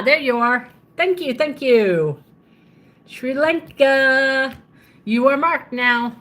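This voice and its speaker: Indoors at home, a livestreamer chats casually into her handheld phone, muttering to herself as she hunts through a map. Her voice is on the high side, bright and forceful.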